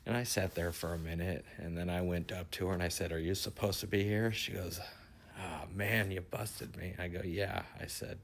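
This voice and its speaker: A man's voice: sits low, normal speed, slight background noise. A middle-aged man casually retelling a strange dream, rambling and swearing freely as he goes. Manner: rambling, swears freely, grows more excited toward the end. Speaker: dream storyteller.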